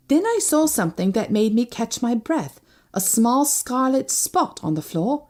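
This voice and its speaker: A woman narrating a first-person novel as an audiobook, reading expressively. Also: normal speed. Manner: expressive, shifting pitch with each character.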